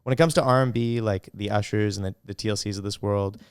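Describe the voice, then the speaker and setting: A man's voice: fairly low pitch, fairly even intonation, quick pace, clear, resonant tone, dry recording, clean studio sound. A man in his twenties, a podcast guest, chatting casually in a laid-back way with lots of filler words. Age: 20s. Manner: laid-back, laughs often, many "like" fillers. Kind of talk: casual chat.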